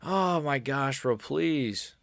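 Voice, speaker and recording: A man's voice: medium pitch, slow, vocal fry, no room sound. A young man rambles through live fight commentary in a casual, slang-heavy way, peppering his lines with filler words. He gives blunt, mocking takes in a mid-range voice. The recording is dry and close, with no room sound. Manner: slangy, rambling, frequent "bro" and "like".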